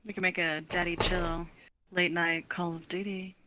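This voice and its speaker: A woman's voice: fairly low pitch, level tone, moderate pace, noisy background. A young woman chatting and teasing her teammates over a headset during an online game. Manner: teasing, playful. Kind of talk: casual gaming chat.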